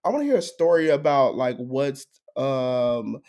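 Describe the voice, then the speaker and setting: A young man co-hosting a podcast, telling a story in casual chat and jumping into high, excited voices. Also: a little slow. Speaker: podcast co-host.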